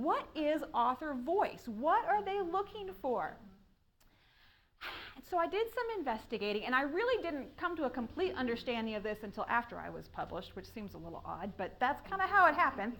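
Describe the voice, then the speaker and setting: A high-pitched woman speaks at a writing workshop, talking to a room of listeners. She is animated and laughs often, acting out the questions she describes. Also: moderate pace. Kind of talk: conference talk. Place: room with an audience.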